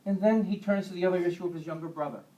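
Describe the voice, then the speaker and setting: A man's voice: high voice, racing, muffled recording. A man teaching a Bible lesson to a church group in a conversational way, with homely humorous asides. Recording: echoey room, distant mic.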